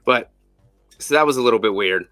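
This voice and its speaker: A man hosting a casual spoiler review chat, animated and profane, with lots of fillers. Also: medium pitch, brisk, no echo, studio quality, faint music behind. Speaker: podcast host.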